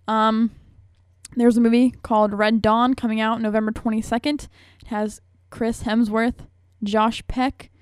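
A woman's voice: fairly high pitch, flat delivery, a little slow, smooth, no room sound, studio quality. A young woman hosting a radio show, talking in a rambling, chatty, self-mocking way. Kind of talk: casual chat.

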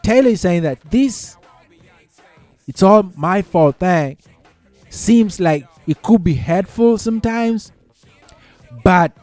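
A man's voice: sits high, a little mellow, no room sound. A man talking casually through workplace advice, repeating his points and checking in with the listener, saying y'all and folks. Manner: conversational, uses y'all and folks. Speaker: commentator.

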